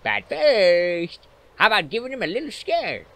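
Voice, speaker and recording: A man putting on taunting high ghost voices. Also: very animated, gravelly, bright, forceful tone, heavily acted. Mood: mocking. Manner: taunting, drawn-out, sinister. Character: mocking spooky little cartoon ghosts.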